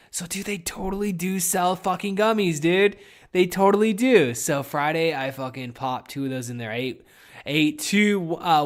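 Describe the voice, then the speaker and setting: A man's voice: fairly high pitch, fairly bright tone. A young man hosting a podcast in casual, rambling solo chat, swearing constantly and getting over a head cold. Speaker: podcast host.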